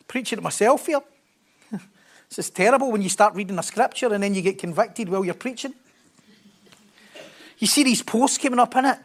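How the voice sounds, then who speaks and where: A man's voice: high-pitched, a little slow, pauses often. A man preaching a sermon in a conversational way, often laughing and joking at his own expense.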